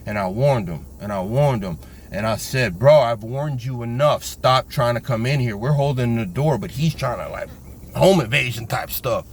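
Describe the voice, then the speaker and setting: Man, casual storytelling, animated, slangy, acts out the voices of others, faint background noise. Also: mid-range voice, moderate pace. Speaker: vlogger telling a personal story.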